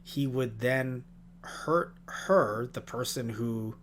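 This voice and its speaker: A man hosting a podcast, chatting casually about a show, animated and swearing, sometimes arguing with himself for a laugh. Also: mid-range voice, slow, slight background noise. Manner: animated, swearing, mock-argues with himself in bits. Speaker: podcast host. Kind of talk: casual review chat.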